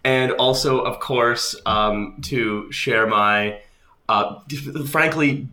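A man's voice: medium pitch, slow, pushed and bright, echoey room. A Canadian man in his thirties with a Canadian accent, chatting as a podcast guest in a dry, self-deprecating way. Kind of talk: casual interview chat.

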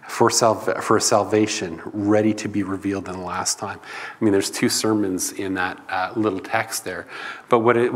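A man's voice: lowish voice, long reverb tail. A man preaching a sermon in a loose, conversational teaching manner. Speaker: pastor.

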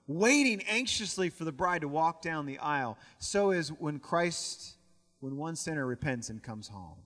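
Young male pastor, high bright voice, earnest sermon delivery, long church reverb. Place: church sanctuary.

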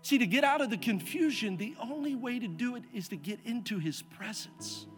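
A man preaching a sermon as a pastor, telling a personal story and calling on the congregation to respond, moving between hushed, quiet passages and loud, emphatic ones. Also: extremely high pitch, animated, fairly quick, faint music behind.

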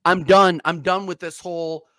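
A man giving a heated, mocking football rant as a stream guest, swinging between loud jabs and muttered asides. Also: high voice, flat delivery, normal speed, no room sound.

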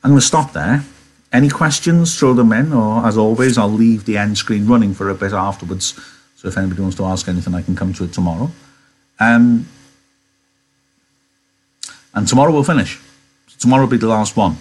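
A man's voice: lowish voice, fairly quick, pauses often, darkish tone, husky. A male teacher giving an online literature lesson, reading aloud and musing conversationally with rhetorical questions.

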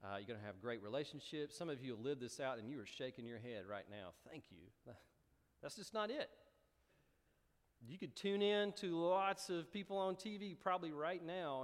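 A man preaching a sermon, animated and storytelling with rising emphasis. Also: medium pitch. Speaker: pastor. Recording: long hall reverb.

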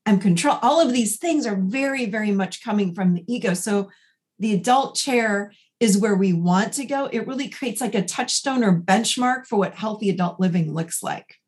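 A woman in her forties, a therapist guest on a podcast, explaining her ideas and telling client stories with lively acted-out dialogue. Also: mid-range voice, normal speed. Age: 40s. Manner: animated storyteller acting out dialogue. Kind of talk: conversational podcast interview.

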